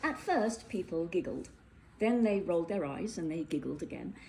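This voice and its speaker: A woman narrates a whimsical fairytale with playful, animated delivery. She slips into little character voices along the way. A faint hiss sits under the recording. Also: lowish voice, moderate pace, gravelly, rough recording. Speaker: storyteller. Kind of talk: storybook narration.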